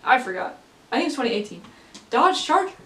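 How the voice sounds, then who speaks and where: A woman's voice: sits high, sing-song, a little fast, fairly bright tone. A young woman in her late teens telling a story casually to camera, rambling with lots of fillers and laughing often. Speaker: vlogger. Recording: echoey room, distant from mic.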